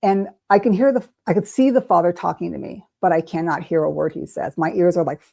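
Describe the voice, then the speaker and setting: An older woman recounts a personal experience as an interview guest, her voice low and mellow. She talks animatedly and slips into the voices of the people she quotes. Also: fairly quick, creaky. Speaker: intuitive reader, interview guest. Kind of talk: storytelling in an interview.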